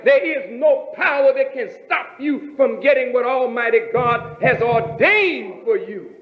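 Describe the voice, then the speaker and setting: Man minister preaching, high lively voice, slow deliberate rhetorical questions, roomy lo-fi archive sound. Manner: rhetorical, questioning the listeners, drawn-out emphatic phrasing. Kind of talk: sermon. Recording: roomy dull lo-fi archive recording.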